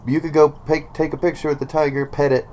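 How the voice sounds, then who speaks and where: A man's voice: fairly high pitch, level tone, fast talker, a little mellow. A man in his thirties chatting casually as a podcast co-host, telling a story with frequent swearing and laughter. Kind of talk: casual chat.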